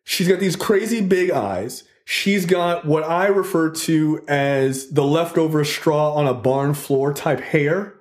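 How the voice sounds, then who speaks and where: A man's voice: a little high, slow, few pauses. A man hosting a podcast, telling a story in casual chat. He swears a lot, says "like" often, and keeps checking in with "right?". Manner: animated, profane storytelling with frequent "like" and "right?". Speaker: podcast host. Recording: roomy echo.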